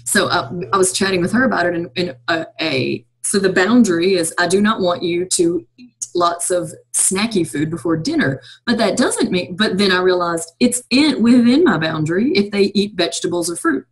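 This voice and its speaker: A woman with a lowish, husky voice talks through a parenting problem as host, chatty and laughing easily. She is heard over a low-quality video call. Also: sing-song, moderate pace, few pauses. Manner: chatty, laughs often, acts out scolding her kids. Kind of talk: casual conversation about parenting.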